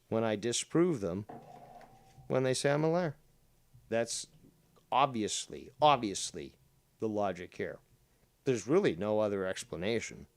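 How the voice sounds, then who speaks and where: A man's voice: lowish voice, dry recording. A man hosting a livestream, talking combatively and reading chat messages aloud, swearing freely. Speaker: streamer host.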